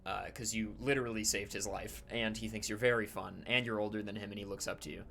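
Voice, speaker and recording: A man narrating as dungeon master in a casual, halting way, with many fillers. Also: on the low side, steady tone, creaky, pushed and bright, slight background noise. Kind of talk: narrating a tabletop game.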